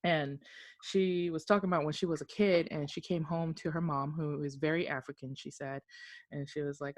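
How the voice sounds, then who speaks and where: A woman's voice: deep voice, fairly even intonation, a little fast. A woman co-hosting a casual podcast chat, telling stories, swearing freely and laughing often. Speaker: podcast co-host.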